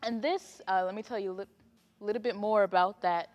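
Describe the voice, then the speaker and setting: A woman's voice: medium pitch, fairly even intonation, a little fast, a little mellow, big-room sound, dull audio, faint music behind. A woman hosting an online poetry event in a chatty, casual way, with laughing asides and fillers. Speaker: host. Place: home, on a video call.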